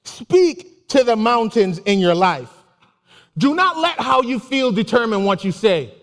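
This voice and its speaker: A man giving a casual, animated sermon with personal stories, laughing and exclaiming often. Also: extremely high pitch, unhurried. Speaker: preacher. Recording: long hall reverb.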